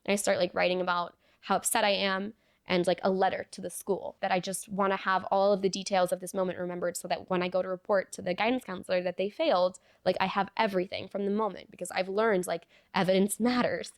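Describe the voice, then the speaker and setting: A woman's voice: mid-range voice, level tone, fast, no echo, clean studio sound. A young adult woman, a guest in an interview, earnestly telling a personal story and peppering it with "like". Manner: earnest, fillers of "like", reenacts dialogue.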